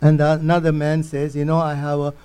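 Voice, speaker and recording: A man's voice: a little high, completely flat delivery, brisk, warm tone, clear, resonant tone, low-quality recording. A man preaching a sermon in emphatic, non-native English, repeating words for weight.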